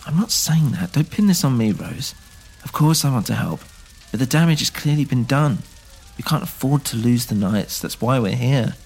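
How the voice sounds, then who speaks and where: Brief: man reading as a hard-nosed leader, gravelly and insistent, in an audio drama. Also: medium pitch, expressive, normal speed, a little mellow, soft background music. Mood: defensive. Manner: firm, insistent, clipped reasoning. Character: stern, pragmatic male party leader.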